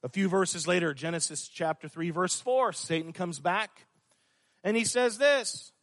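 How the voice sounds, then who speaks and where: A man's voice: sits high, a little slow, fairly bright tone. A male pastor preaching a sermon, emphatic and full of rhetorical questions to his congregation. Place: church. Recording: long hall reverb.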